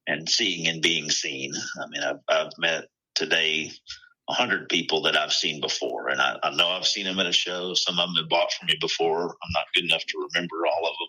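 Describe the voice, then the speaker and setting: A man's voice: rumbling low, bright, forceful tone, slightly rough. A man calling in as a guest, talking easygoing and chatty over a phone line. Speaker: phone-in guest, knife maker. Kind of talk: casual phone chat.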